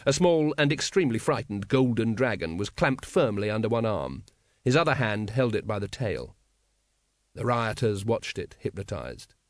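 A man's voice: fairly low pitch, expressive, normal speed, no room sound. Male audiobook narrator, dry close sound. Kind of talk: scripted narration.

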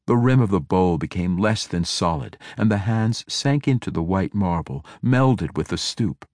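A man narrating a fantasy audiobook in a measured, even storytelling delivery. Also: low voice, no echo, clean studio sound.

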